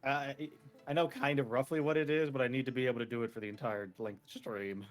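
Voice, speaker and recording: A man's voice: mid-range voice, steady tone, fast, faint music behind. A man chatting casually on a podcast with his friends. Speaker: podcast co-host and player. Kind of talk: casual chat.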